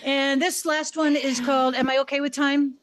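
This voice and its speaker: A woman reading her memoir aloud to an audience, a former teacher who tells her story theatrically, swinging her pitch and volume as she acts out her own classroom commands. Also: level tone, moderate pace, a little hiss or hum. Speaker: memoir reader, former high school teacher.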